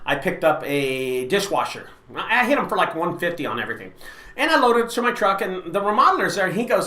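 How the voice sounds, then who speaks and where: Animated man with a bright, roomy voice. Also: high-pitched, quick pace. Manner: animated, repeats points for emphasis, many fillers and restarts. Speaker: junk removal business owner and channel host. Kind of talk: casual monologue to camera. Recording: roomy echoey room.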